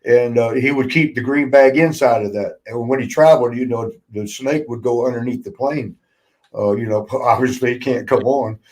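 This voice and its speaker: A man in a casual podcast chat, spinning old stories with frequent laughter and plenty of swearing. His pitch sits in an ordinary middle range, and he slips into the voices of the people he quotes. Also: moderate pace, a little mellow, low-quality recording. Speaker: podcast host, former wrestler.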